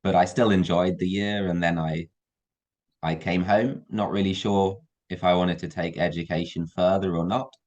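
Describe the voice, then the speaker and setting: Young man, English accent, very low voice, relaxed, video call. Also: moderate pace, highs cut off. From England. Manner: relaxed, hesitant with fillers. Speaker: guest, university student. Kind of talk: casual video call chat.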